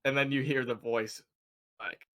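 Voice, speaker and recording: A man's voice: mid-range voice, fairly even intonation, moderate pace, background noise. A man casually recapping a TV episode with a co-host, rambling with lots of fillers and swearing. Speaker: show co-host.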